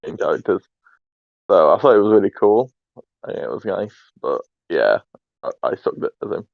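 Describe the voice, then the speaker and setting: A laid-back man chats casually on a gaming podcast. His voice is very deep and gravelly. It comes through a tinny, phone-like line. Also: very animated, normal speed, dry recording. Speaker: podcast guest.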